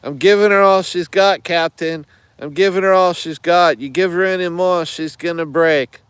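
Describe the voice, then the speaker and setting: A man doing a put-on Scottish accent as an excitable male starship engineer straining his engines. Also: moderate pace, clear, resonant tone, no echo. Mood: strained, urgent. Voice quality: loud, strained, higher than his own voice.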